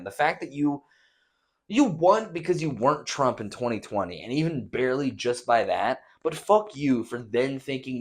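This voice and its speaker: A man's voice: medium pitch, lively intonation, moderate pace. Profane young man ranting. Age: young adult. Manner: profane, mocking, reads news aloud then riffs with exaggerated voices. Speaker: podcast host. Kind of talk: casual rant reacting to news.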